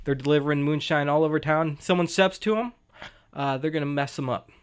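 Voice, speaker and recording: A man's voice: fairly high pitch, steady tone, brisk, clear, resonant tone. A man hosting a casual movie review podcast, easygoing and rambling, chuckling now and then. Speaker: podcast host.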